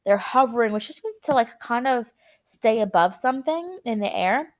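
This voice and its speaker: Lively young woman teacher reading aloud. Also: fairly high pitch, normal speed. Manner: explains vocabulary in a casual, chatty way. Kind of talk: reading a chapter aloud to students.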